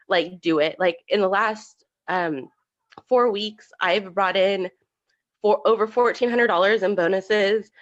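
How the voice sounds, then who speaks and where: A woman's voice: mid-range voice, lo-fi sound. A young woman giving a tearful testimonial on a video call, talking with lots of "like" fillers. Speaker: new business promoter.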